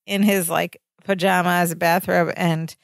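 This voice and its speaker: A woman's voice: on the low side, level tone, takes it slowly, creaky, dry recording, studio quality. A woman co-hosting a podcast in casual chat, retelling sitcom scenes and quoting the characters' lines. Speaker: podcast co-host.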